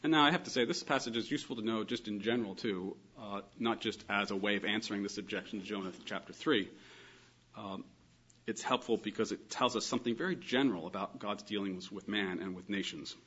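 Husky-voiced man teaching scripture. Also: fairly low pitch, brisk, a bit bright, muffled recording. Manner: thoughtful, explanatory, emphatic on key points, occasional chuckles. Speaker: Bible teacher. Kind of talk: lecture on scripture.

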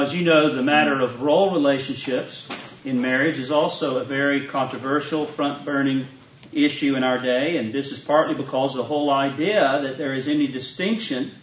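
A Southern man pastors his flock, reading scripture then teaching in a measured sermon voice. The sound is roomy and distant, as if taped from the back of a meeting hall. The recording itself is dull and muffled. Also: medium pitch, slight background noise. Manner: measured, reads scripture aloud then preaches. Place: church retreat meeting room. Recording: echoey, distant, dull live church recording.

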